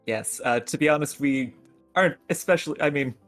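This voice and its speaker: A man's voice: on the high side, brisk, a bit bright, soft background music. A man playing a tabletop game, rambling and hedging as he explains. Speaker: player. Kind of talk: casual tabletop game talk.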